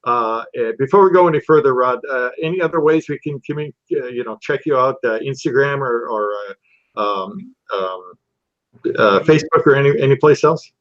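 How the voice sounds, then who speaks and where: A man hosting a relaxed boxing recap show, talking in an easygoing way with lots of fillers. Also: medium pitch, normal speed, no room sound. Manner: easygoing, filler-heavy, agreeable. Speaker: podcast host. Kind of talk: casual boxing recap chat. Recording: dull dry lo-fi sound.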